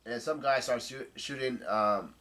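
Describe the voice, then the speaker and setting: A man talks through a comic chapter in a casual, unhurried way. He stops and restarts often and drops an occasional swear word. His voice sits in an ordinary middle pitch. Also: bright, forceful tone. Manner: halting, laid-back, salty language. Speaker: manga chapter reader.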